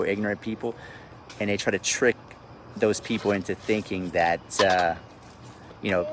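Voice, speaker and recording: Blunt, low-voiced man. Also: background noise. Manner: blunt, profane, repeats himself while riled up. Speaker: real estate investor hosting a live stream. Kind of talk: casual livestream rant. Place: outdoors at sundown. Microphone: phone livestream.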